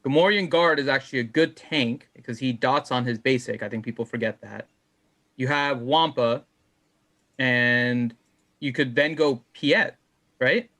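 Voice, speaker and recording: A man's voice: mid-range voice, unhurried, bright, forceful tone. Guy cohosting a live game q&a, mid voice, lots of "right?". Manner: thinks aloud, tags "right?". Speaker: co-host reading viewer questions. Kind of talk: casual live game chat.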